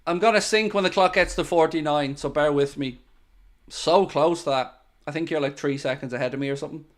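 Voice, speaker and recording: Streaming a match watchalong, this young man calls the football live and tosses chatty asides to his viewers between plays. Near misses make him groan loudly, and he's excitable throughout. He speaks briskly in a voice on the high side.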